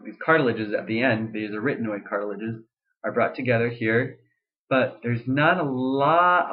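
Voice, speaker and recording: A young man talks through a casual singing lesson in a mid-range voice, stumbling over restarts and fillers as he explains. Now and then he breaks into sung demonstrations. The sound is thin and tinny, like a cheap webcam mic. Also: medium pitch. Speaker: voice teacher. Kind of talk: casual vocal lesson vlog.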